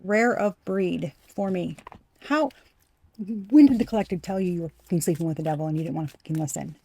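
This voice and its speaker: A woman's voice: lowish voice, brisk, mellow, breathy edge, no echo. A woman giving a casual collective tarot reading, blunt and profane, repeating her points for emphasis. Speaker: tarot reader.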